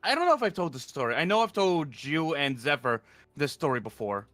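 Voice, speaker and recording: A man's voice: a little high, sing-song, a little fast, fairly bright tone, no echo. A man chatting casually on a stream, hesitant and often restarting his sentences. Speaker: VTuber streamer. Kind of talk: casual chat.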